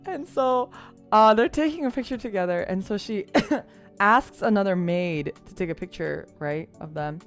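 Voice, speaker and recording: A woman streamer chats casually in a middle-pitched voice, telling a story with lively energy. She laughs often and fills her talk with "like" and "um." Soft music plays faintly in the background. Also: normal speed. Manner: animated, laughs often, many fillers and "like".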